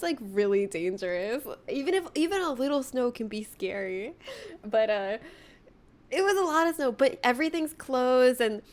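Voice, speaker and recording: A young woman streamer chatting casually with her viewers, bubbly and laughing often as she greets them by name. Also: on the high side. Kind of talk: casual livestream chat with viewers.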